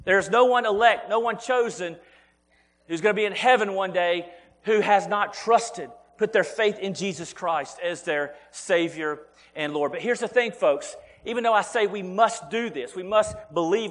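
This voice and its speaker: A man delivers a sermon in an earnest, driving way, often doubling his words as he pushes a point and calling his listeners folks. His voice sits high for a man. The sound rings with the long reverb of a church sanctuary. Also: a bit bright. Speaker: pastor.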